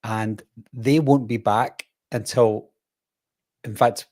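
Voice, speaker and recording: A man hosts a relaxed live-stream chat. He talks in a chatty, rambling way, doubling back on himself and laughing easily. His voice sits at an ordinary middle pitch. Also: slow. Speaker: host.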